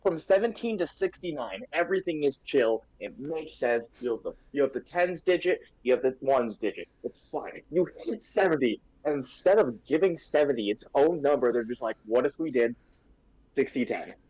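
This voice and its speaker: A man's voice: medium pitch, animated, moderate pace, hardly any pauses, a little mellow, dry recording, muffled recording. A man in casual stream chat, ranting in exasperation about a pet peeve.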